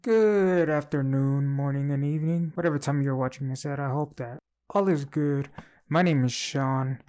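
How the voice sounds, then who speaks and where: A man co-hosting a casual film review, talking at an easy, middling pitch. He lays out his opinions in a relaxed, rambling way, with the odd restart. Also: moderate pace. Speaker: co-host, movie reviewer. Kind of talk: casual movie review chat.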